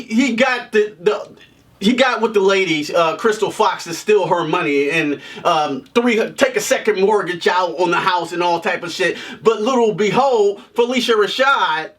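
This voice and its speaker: A man's voice: sits high, a bit bright, far from the mic. A man giving a casual, comedic movie review, joking and swearing as he rants. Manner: profane, joking rant with frequent laughs.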